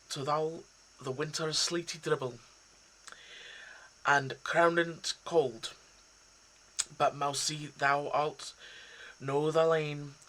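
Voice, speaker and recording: Scottish farmer guy talking to a mouse in verse, a man doing the accent, slow and bright, kinda flat tune. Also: a little high, pitched above the performer's own voice, low-quality recording. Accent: put-on Scottish. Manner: raised, declaiming, drawn-out phrasing. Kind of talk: poetry recitation.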